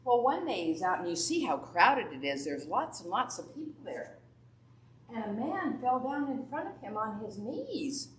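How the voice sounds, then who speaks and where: A woman's voice: fairly high pitch, big pitch swings, moderate pace. A woman Sunday school teacher telling a Bible story to children and asking them questions. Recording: echoey room from far off, faint background noise.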